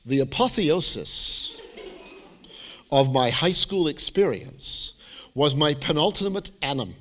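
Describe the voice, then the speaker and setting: A man speaking as a college admissions adviser, giving a lively, theatrical presentation to students and parents. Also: fairly high pitch, slow. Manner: animated, theatrical, jokey storyteller.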